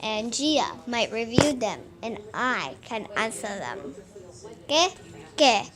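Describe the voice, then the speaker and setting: A woman with a high voice hosts a silly skit video at an unhurried pace. She talks in a playful, goofy way and rambles from one joke to the next. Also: very animated, a crowd in the background. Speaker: channel host. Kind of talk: silly toy skit vlog.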